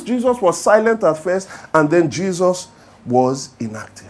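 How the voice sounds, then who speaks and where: A male pastor delivering a sermon with a high-pitched voice. His delivery is very lively, jumping between soft, prayerful murmurs and loud, excited storytelling. He stays animated throughout. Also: measured pace. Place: church service.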